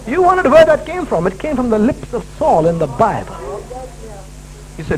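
A man's voice: high-pitched, big pitch swings, normal speed, a little mellow, a little hiss or hum, poor audio. A man preaching a sermon at a church service, emphatic and repetitive, restating his key lines.

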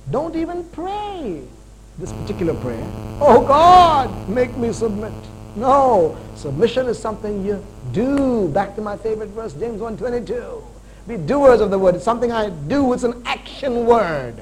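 A man in his forties preaching a sermon, animated, swinging between loud emphasis and quiet, slow points. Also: high-pitched, a little hiss or hum, poor audio. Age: 40s.

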